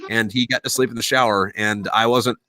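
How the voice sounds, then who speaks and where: A man's voice: fairly low pitch, steady tone, fairly quick, sharp tone, no echo. A man hosting a podcast, telling rambling stories in casual chat and swearing constantly. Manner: profane, rambling storyteller. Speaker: podcast host.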